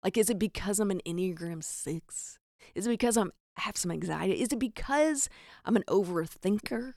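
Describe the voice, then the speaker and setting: A young woman from the American South talks in a chatty, self-mocking way, with lots of "like" in her speech. Her Southern accent is clear, and her voice has a gravelly fry. The sound is close and dry. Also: medium pitch, animated, normal speed, warm tone, no echo. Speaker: podcast host. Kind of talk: comedic storytelling monologue.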